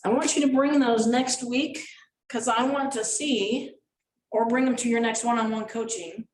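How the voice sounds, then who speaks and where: A woman leading a group coaching session, animated and acting out gestures and little voices as she explains. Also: on the high side, normal speed. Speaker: sales coach. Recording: echoey room, mic far off, faint noise.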